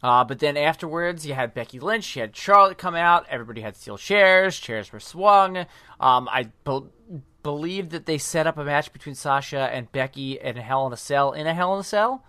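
A man co-hosting a podcast, chatting casually and excitedly about wrestling and breaking in with live updates. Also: a little high, normal speed, clear, resonant tone, dry recording. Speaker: podcast co-host.

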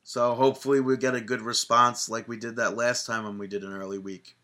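A man co-hosts a podcast in loose, joking chat, dropping curses and restarting his thoughts. His voice is bright and clear. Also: mid-range voice, flat delivery, a little fast. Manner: loose, joking, swears freely. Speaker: podcast co-host.

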